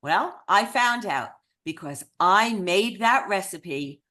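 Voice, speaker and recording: A woman tells a personal story to an audience with animated, wide-swinging pitch. Her delivery is expressive and engaged, the tone of a speaker at a remembrance event. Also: takes it slowly.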